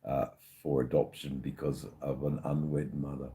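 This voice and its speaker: Deep, husky Australian man, slow and swearing. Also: level tone, warm tone. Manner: laid-back, swears freely, many ums, uses Aussie slang. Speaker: live streamer. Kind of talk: casual live-stream chat, reading viewer comments.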